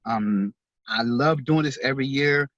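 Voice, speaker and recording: A man's voice: medium pitch, measured pace, a bit bright, no echo, dull audio. A man giving an interview, talking in an earnest, heartfelt way and often repeating words as he speaks. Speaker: author and veterans charity organizer. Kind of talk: interview guest.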